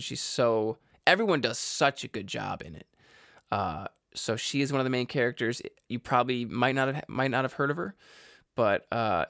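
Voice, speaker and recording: Man, gravelly voice, dry close sound, rambling movie vlog, jokey. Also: medium pitch, a bit bright, no echo. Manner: rambling, stumbles over words, jokey asides. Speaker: vlogger reviewing movies. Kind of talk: casual rambling movie chat.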